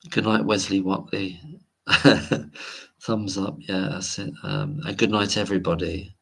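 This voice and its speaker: A man's voice: sits low, little pitch movement, measured pace, gravelly, fairly bright tone, husky. A man hosting a late-night livestream, rambling casually and reading viewer comments aloud. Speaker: livestream host.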